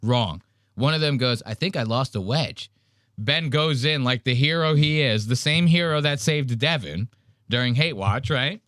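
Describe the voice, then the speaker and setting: A man hosting a podcast, telling a story in casual banter with crude, animated mocking impressions. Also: mid-range voice, moderate pace, dry recording, clean studio sound. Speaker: podcast host.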